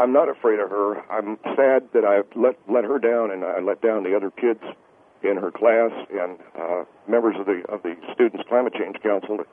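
A man's voice: fairly low pitch, pitched below the performer's own voice, natural voice. A man doing a stammering flustered father on the phone. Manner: stammering, hesitant, many uh's. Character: flustered middle-aged father, anxious radio guest. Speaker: guest on phone. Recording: tinny phone line.

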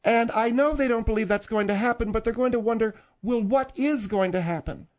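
A woman's voice: a little high, fairly quick, darkish tone. A woman co-hosting a radio talk show, chiding the host and talking back at him. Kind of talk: casual radio banter.

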